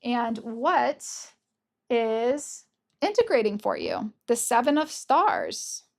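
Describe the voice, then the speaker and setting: Lady reading tarot cards, kinda high voice, slow and gravelly, gushy and soft. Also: huge pitch swings. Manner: gentle, gushing, emotional. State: tearful at times. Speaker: tarot reader.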